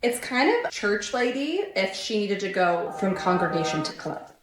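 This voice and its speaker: A woman's voice: mid-range voice, big pitch swings, normal speed, noisy background. Wry woman in a roomy space. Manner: wry, self-mocking asides. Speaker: comedy content creator. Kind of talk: casual comedic commentary.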